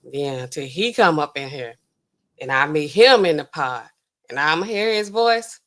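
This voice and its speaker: A woman hosting a livestream casually retells a dating show in AAVE speech, animatedly acting out its people and their dialogue with voices. Her voice sits low and she speaks a little slowly, with slight background noise.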